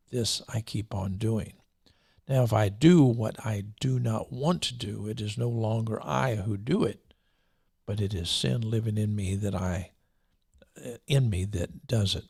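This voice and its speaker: A man hosting a show, reading scripture aloud with commentary in a deliberate way, slowing down and repeating key lines. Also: lowish voice, creaky, a little mellow, husky, no room sound, studio quality. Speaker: show host and preacher.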